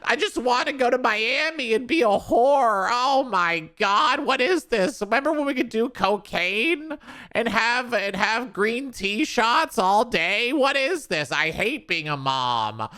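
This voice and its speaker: A man putting on a shrill, whining voice to mock a self-pitying young mother. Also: animated, a little slow, sharp tone, clear, resonant tone, exaggerated voice. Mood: whiny. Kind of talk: mocking impression on a stream.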